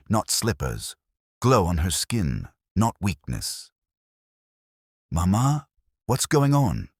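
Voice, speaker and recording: Casting: a male folktale narrator with a very deep voice, dramatic and expressive, with a lot of rise and fall. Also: slightly rough, no room sound, clean studio sound. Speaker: storyteller. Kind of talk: scripted narration.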